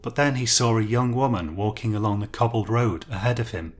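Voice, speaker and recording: A man narrating a fiction story in a calm, measured reading. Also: lowish voice. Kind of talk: scripted narration.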